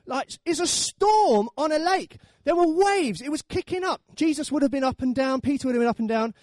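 A man's voice: extremely high pitch, animated, a little fast, hardly any pauses, a little mellow, no echo, studio quality. A man preaching a sermon, telling the story with animation and acting out the voices.

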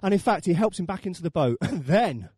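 Animated high-voiced preacher. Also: male voice, brisk, husky, no echo, studio quality. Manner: animated storytelling, acting out voices. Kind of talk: sermon.

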